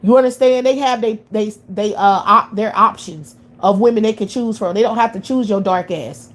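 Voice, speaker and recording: A woman's voice: medium pitch, normal speed. A woman from the United States holds forth on a livestream in a blunt, heated monologue. She swears freely and circles back to the same phrases again and again, with a confrontational delivery. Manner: blunt, heated, profane and repetitive. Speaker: livestream commentator. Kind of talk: profane monologue rant.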